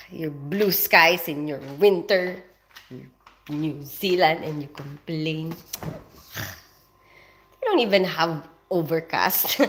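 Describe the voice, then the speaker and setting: Her voice sits a little high with a fairly bright tone. She's a middle-aged woman from the Philippines, a chatty livestream host in her home kitchen who reads viewer comments aloud and welcomes each person by name in casual live chat.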